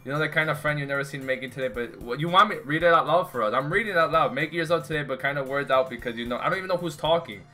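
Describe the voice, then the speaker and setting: Talking to chat and friends, a young gaming streamer rambles and swears in exasperation during casual live commentary. He speaks rapid-fire with hardly any pauses, his voice on the high side, pushed and bright, over soft background music.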